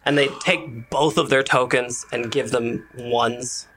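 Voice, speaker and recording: A man narrating a tabletop game as game master, measured and hesitant, with fillers. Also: mid-range voice, steady tone, a bit bright, slight background noise.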